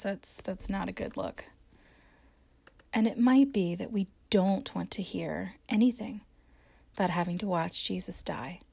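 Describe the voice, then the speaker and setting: A woman's voice: mid-range voice, gravelly, darkish tone, dry recording. A woman preacher giving a conversational, reflective sermon that often sinks to a near whisper. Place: church.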